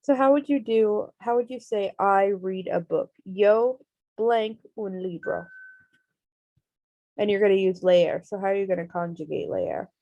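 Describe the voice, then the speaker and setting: Woman, teacher, online class, patient step-by-step explaining, gravelly edges, dry close sound. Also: medium pitch, unhurried, mellow, dry recording, muffled recording. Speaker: Spanish teacher.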